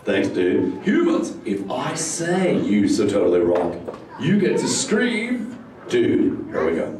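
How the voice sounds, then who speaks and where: A man puts on an exaggerated, fairly low voice that swoops wildly in pitch, speaking slowly as a stoked surfer-dude sea turtle in a live interactive improv show, goofy drawl and endless "dude" included. The far-off theater recording is echoey, with a loud audience and a little hiss or hum.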